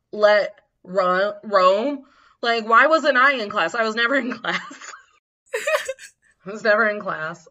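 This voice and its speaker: A woman co-hosting a podcast tells stories in a lively, casual way, often breaking into laughter and acting out what people said. Her voice is bright and forward, captured on a slightly dull, lo-fi recording. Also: mid-range voice. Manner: animated, laughs often, acts out quotes. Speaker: podcast co-host. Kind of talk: casual storytelling chat.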